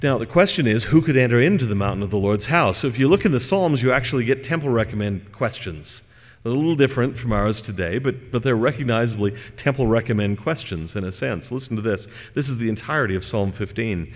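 A man giving a scripture lecture in a scholarly, digressive way with gentle humor. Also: fairly low pitch, a little fast, in a large hall.

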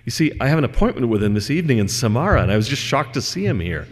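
A man's voice: mid-range voice, very animated, racing, long reverb tail, a crowd in the background, close to an everyday voice. A man voicing Death as a polite male spirit in a told folk tale, speaking mildly and with surprise. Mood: surprised.

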